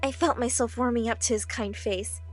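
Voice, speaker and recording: A young woman narrating a dramatic first-person animated story, emotive and expressive. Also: on the high side, moderate pace, soft background music. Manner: emotive, rising and falling with the drama.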